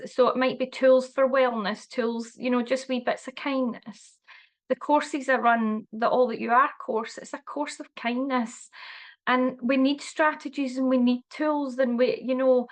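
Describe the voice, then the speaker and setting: A woman, talking in a casual conversation in an earnest way with many fillers and restarts. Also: high voice. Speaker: wellbeing guest.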